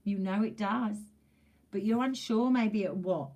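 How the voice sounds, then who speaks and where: A woman's voice: mid-range voice, measured pace, darkish tone. A woman giving a casual tarot reading to camera, chatty and emphatic, repeating phrases for emphasis and swearing mildly. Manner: informal, with mild swearing. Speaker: tarot reader.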